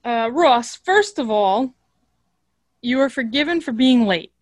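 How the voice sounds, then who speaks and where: A woman reading the part of a male team executive in a casual script read, measured and formal. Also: fairly high pitch, expressive, no echo, clean studio sound. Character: male team executive defending his player.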